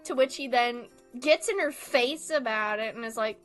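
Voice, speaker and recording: A woman's voice: on the high side, moderate pace, few pauses, over music. Exasperated young woman ranting about a film. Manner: exasperated, swears often, laughs while ranting. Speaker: video creator. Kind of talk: casual chat, movie rant.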